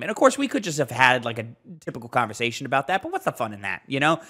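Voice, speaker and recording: A man's voice: mid-range voice, very animated, fast talker, hardly any pauses, sharp tone. A man co-hosting a casual gaming podcast, brash and profane, hyping things up. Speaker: podcast co-host.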